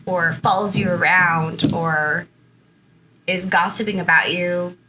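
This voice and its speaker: A woman's voice: fairly low pitch, steady tone, takes it slowly, noisy background. A woman in her thirties from Southern California, a guest in an interview, telling her own story in a chatty way full of "like" and "you know".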